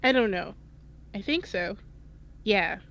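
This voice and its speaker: A woman's voice: mid-range voice, expressive, slow pace, a bit bright, lo-fi sound. A woman chatting casually who laughs often and trails off while searching for words. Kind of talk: casual group chat.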